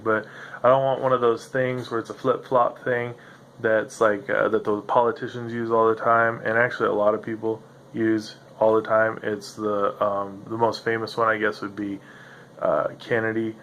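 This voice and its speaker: A man's voice: on the low side, a bit bright, a little hiss or hum. A man hosting a solo podcast, musing in a meandering, self-interrupting way with a slightly nasal voice. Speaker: podcast host. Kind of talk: rambling solo monologue.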